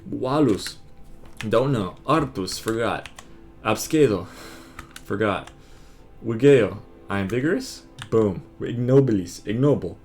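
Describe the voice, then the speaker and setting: A man quizzing himself on word cards, muttering terse answers and quick verdicts of right or wrong. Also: fairly low pitch, animated, a little mellow, soft background music. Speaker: vlogger drilling vocabulary.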